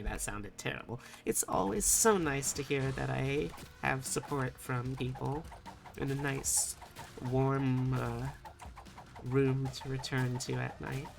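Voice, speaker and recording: A woman with a very deep, slow voice and noticeable vocal fry is streaming live over soft background music. She chats casually with her viewers and reads out their messages, keeping her tone playful, teasing and sultry.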